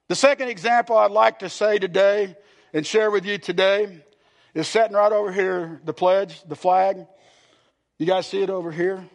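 A man's voice: high-pitched, steady tone, moderate pace, vocal fry. A man, a pastor preaching a sermon to his congregation, earnest and repetitive, asking the room questions. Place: church sanctuary.

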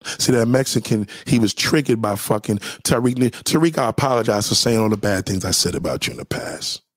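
A man giving heated, profane reaction commentary on a clip, mocking and now and then breaking into sudden loud outbursts. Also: fairly low pitch, animated, a little fast, dry recording.

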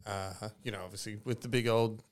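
A man, a podcast guest from a coffee roaster, talking in a relaxed, earnest way. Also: fairly low pitch, a little fast, a little hiss or hum. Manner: relaxed, earnest, thinks aloud. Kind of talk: casual podcast interview.

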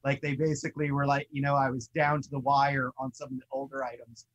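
A young man co-hosting a toy collecting show, chatting in an excitable, rambling way. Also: mid-range voice, brisk, poor audio. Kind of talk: casual chat.

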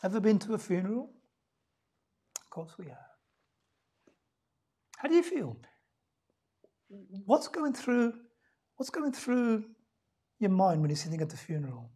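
A woman preaching a sermon in a church. She talks conversationally, asks the congregation questions, and swings from loud emphasis down to hushed near-whispers. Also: medium pitch, big pitch swings, measured pace, long pauses, breathy edge. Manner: conversational, with rhetorical questions and laughs.

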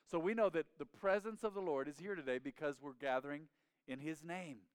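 A pastor in his forties preaching a sermon in church, animated and calling on the congregation to respond. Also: fairly high pitch, a little fast, clear, resonant tone, dry recording. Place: church sanctuary.

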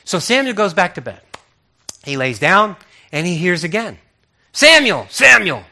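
A man preaching a sermon as a pastor, telling the story with lively acted-out voices and frequent repeated words. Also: sits high, moderate pace.

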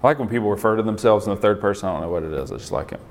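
Guy preaching casual, keeps asking the room stuff, lowish voice, hall echo. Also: animated, racing, a little hiss or hum. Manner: conversational, asks the audience questions, laughs often. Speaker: pastor. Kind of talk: casual sermon to a group.

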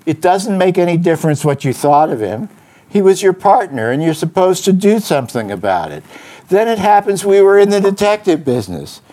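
Man reading hoarse hard-boiled detective, clipped and forceful, warm low timbre. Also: a little slow, natural voice. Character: hard-boiled male detective, bitter and cornered.

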